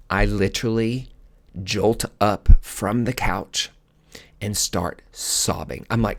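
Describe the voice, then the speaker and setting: Brief: man from the US, lowish voice, podcast host, loose rambling storyteller who breaks into acted-out dialogue. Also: moderate pace. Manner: animated, rambling, many fillers and restarts; acts out quoted dialogue with sudden high outbursts. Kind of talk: casual storytelling.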